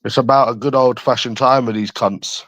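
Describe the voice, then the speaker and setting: A man's voice: mid-range voice, fairly even intonation, moderate pace, a bit bright, dry recording. A young man from London chatting on a livestream, crude, taunting and repeating himself as he answers viewers. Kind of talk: casual chat answering viewers.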